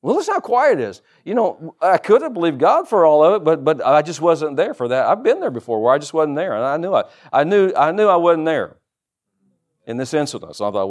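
Animated, higher-voiced male preacher. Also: a little fast. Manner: lively preaching with humorous asides and rhetorical questions. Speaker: pastor. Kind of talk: sermon.

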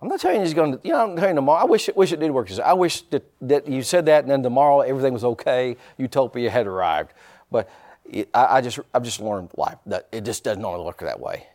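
A man's voice: medium pitch, fast talker. A man preaching a sermon. He calls out to the congregation, repeats his lines for effect and drops in folksy, joking asides. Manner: animated preaching with call-and-response and repeated phrases. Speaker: pastor.

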